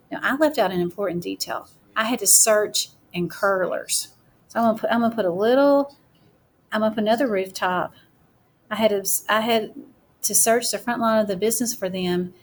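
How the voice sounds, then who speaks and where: Woman teacher, calm mid-pitched voice, slow deliberate dictation, encouraging tone, faint hiss behind. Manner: encouraging, explains step by step. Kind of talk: recorded writing mini-lesson.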